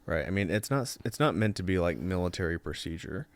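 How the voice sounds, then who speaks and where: Smooth-voiced young man, halting and reflective. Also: low voice, animated. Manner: halting, repeats words with many "you know"s. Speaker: podcast co-host. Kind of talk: casual chat.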